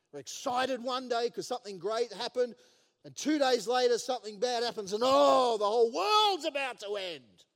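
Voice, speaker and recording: A man preaching a sermon, telling the story in an animated way with playful asides. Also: very high-pitched. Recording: long reverb of a large hall.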